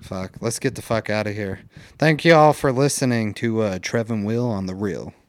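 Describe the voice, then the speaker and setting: A man's voice: fairly low pitch, normal speed, dry recording. A man co-hosting a podcast, trading crude jokes with a friend, laughing and swearing often. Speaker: podcast co-host. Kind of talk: crude casual banter.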